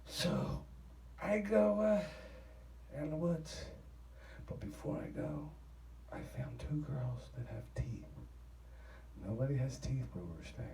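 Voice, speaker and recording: Philly guy rambling thru a crude story, real dark voice, echoey room, mic kinda far off. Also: on the high side, takes it slowly, gravelly, pauses often, a little hiss or hum. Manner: profane, rambling, laughing at his own story. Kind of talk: casual rambling anecdote.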